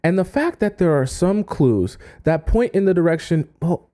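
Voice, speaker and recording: A man's voice: sits high, lively intonation, moderate pace, few pauses, mellow. A man coaching on dating in a casual lecture, often checking in with "right?" and acting out quotes. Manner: acts out quoted voices.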